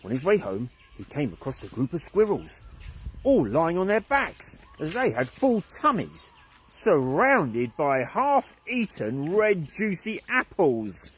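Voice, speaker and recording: A man narrating a children's story in an animated, expressive way. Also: a little high, takes it slowly, slightly rough.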